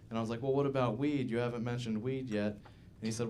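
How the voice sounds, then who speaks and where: A man's voice: medium pitch, level tone, fast, hardly any pauses, a little mellow, slight background noise. A man in his twenties performing a stand-up set at a comedy club, rambling and laid-back with lots of "uh" and "like". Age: 20s. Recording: live club recording with audible audience laughter. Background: audience laughter.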